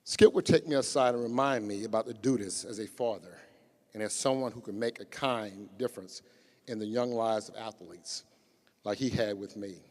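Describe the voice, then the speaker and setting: A man's voice: fairly low pitch, a little mellow. Middle-aged man from Louisiana giving a eulogy. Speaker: athletic director. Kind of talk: prepared memorial remarks. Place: large arena memorial service. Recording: long reverb in a big arena.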